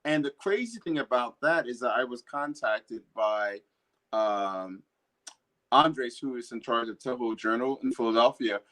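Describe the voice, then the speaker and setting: An earnest man talks as a guest poet, warming into animated storytelling as he goes. He speaks at an ordinary middle pitch, in a relaxed conversational way. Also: measured pace. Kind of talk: casual conversation.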